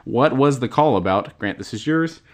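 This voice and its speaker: A man's voice: medium pitch, expressive, normal speed. A man hosting a casual podcast quiz, reading out headlines and laughing at his own slips. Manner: giggly, self-interrupting, laughs at own jokes. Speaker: podcast host.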